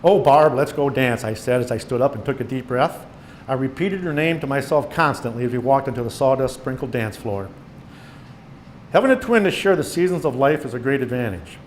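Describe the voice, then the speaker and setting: An older author giving a presentation in a meeting room reads his memoir stories aloud to a small gathering at a brisk clip. He tells them with lively, animated quoted voices, his pitch staying in an ordinary middle range. A faint hum of room ambience lingers in the background.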